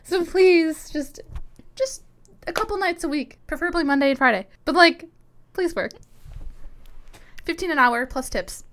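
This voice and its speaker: A woman's voice: extremely high pitch, expressive, normal speed, long pauses, a bit bright. A young adult woman co-hosting a podcast, making dry, wry asides in casual chat. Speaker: podcast co-host.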